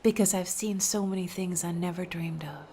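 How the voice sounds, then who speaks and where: A woman voicing a sorrowful ghostly woman from the sea, in a hushed, slow, sighing whispered role-play. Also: lowish voice, slight background noise, lightly acted. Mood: sad.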